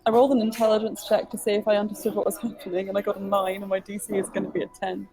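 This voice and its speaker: A woman's voice: medium pitch, level tone, very fast, warm tone. A woman playing a tabletop game from a café, talking casually and eagerly with frequent giggles. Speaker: player. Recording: noisy café background.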